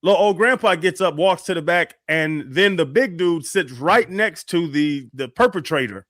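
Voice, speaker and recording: Male radio co-host, a bit high, dry studio sound, animated storyteller. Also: moderate pace, dry recording. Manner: animated storyteller, acts out quotes. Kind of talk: casual storytelling on sports radio.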